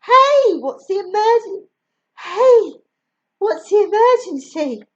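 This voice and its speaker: Woman doing a high exasperated schoolgirl, blunt, storybook voice, slow and bouncy, dull lo-fi sound. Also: sing-song, heavily acted.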